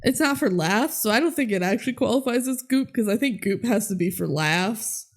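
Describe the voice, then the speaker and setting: A woman's voice: on the high side, expressive, fairly quick. A young woman co-hosting a podcast, recapping a movie in casual chat, giggling often and acting out quotes in bouncy voices. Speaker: podcast co-host.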